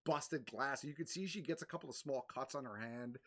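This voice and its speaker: A woman's voice: a bass voice, brisk. A young woman narrating as game master for a tabletop game, descriptive and a bit hesitant.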